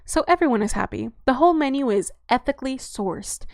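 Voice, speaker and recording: A woman's voice: high voice, expressive, brisk, creaky, dry recording, clean studio sound. A woman voicing a chatty, blunt young-looking female vampire who talks with crude slang and breezy patter.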